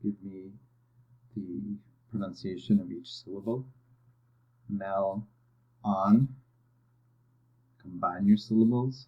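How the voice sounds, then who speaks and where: Male teacher, low voice, walking students patiently through a phonics lesson; muffled, lo-fi recording. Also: normal speed. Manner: patient, step-by-step, checks in with "okay". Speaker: reading teacher. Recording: dull lo-fi audio.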